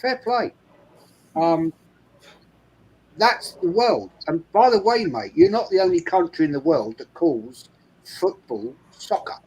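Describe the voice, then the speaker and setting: A man's voice: on the high side, very animated, measured pace, a little mellow, slightly rough, rough recording. A man with a London accent hosting a fan channel, talking bluntly and emphatically in casual chat, swearing freely. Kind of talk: casual chat on a live stream.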